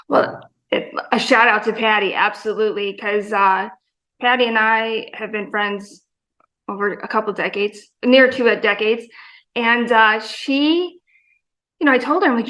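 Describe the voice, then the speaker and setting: Enthusiastic rambling woman, fairly high voice. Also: normal speed, fairly bright tone, low-quality recording. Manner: enthusiastic, rambling with many fillers. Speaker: guest, gym member. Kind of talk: casual interview chat.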